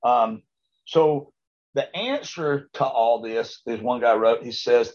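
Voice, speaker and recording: Man teaching Bible class, husky, restarts. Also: medium pitch, slow pace, a little mellow. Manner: rambling with frequent stammered restarts and check-ins to the class. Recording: dull lo-fi recording.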